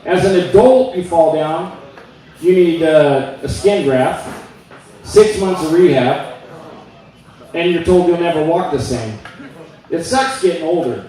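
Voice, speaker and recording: Doing a stand-up set on a club stage, a man with a slightly high, warm-toned voice tells jokes conversationally and loosely, adding quick voiced asides. The echoey room is picked up by a mic at a distance.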